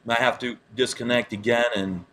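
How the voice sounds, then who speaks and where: A man's voice: mid-range voice, fairly even intonation, moderate pace, a bit bright. A man hosting a live-streamed interview over a video call, talking with upset passion and repeating himself. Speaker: online news show host.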